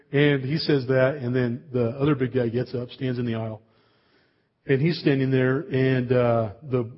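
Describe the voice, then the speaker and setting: Male pastor, husky voice, storytelling sermon delivery, dull lo-fi recording. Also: mid-range voice. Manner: storytelling with humor and asides.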